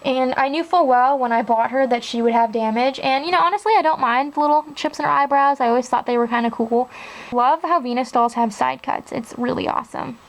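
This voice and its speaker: A woman's voice: high-pitched, fairly even intonation, a little fast, poor audio. A young woman chatting casually and enthusiastically as she shows her doll collection on camera. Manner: chatty and enthusiastic, with frequent "like" and "really, really". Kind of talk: casual show-and-tell narration.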